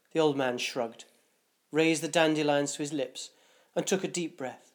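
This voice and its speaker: A man reading a dark short story aloud, in a measured, deliberate narration. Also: on the high side.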